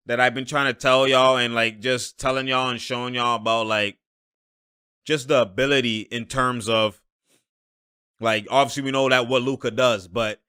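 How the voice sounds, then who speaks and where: A man hosting a basketball reaction show, giving slangy, excited commentary over game clips and laughing often. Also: medium pitch, smooth, no echo, studio quality. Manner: animated, slangy, laughs often, shouts at plays. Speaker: host of a basketball reaction channel.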